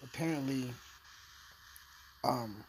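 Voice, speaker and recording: A man's voice: mid-range voice, slow, a little hiss or hum. A man giving a casual, blunt, profane recap of a crime case, rambling as he goes. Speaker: true-crime commentator.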